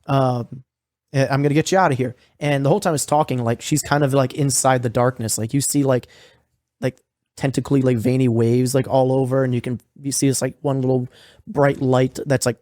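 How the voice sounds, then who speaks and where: With a flat, brisk delivery, a podcast co-host loosely recaps a horror series, profane and rambling, full of fillers. His voice is middle-pitched but dark in tone, captured close and dry without room echo.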